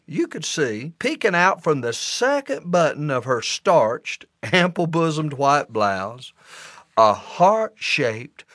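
Folksy animated male storyteller. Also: fairly high pitch, dry recording, studio quality. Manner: folksy, animated, drawn-out descriptive telling. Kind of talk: comic storytelling performance.

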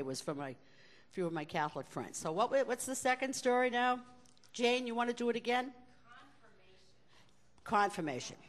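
An older woman spins a story for a live crowd, her voice swooping high and low as she leans into the drama. She keeps it chatty and wry, with sly little asides to her listeners. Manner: animated, conversational, chuckling asides.

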